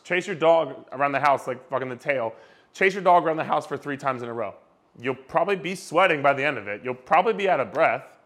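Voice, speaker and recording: A young fitness coach rants straight to camera, his voice a little high and a bit bright. He speaks emphatically, repeats himself and swears casually.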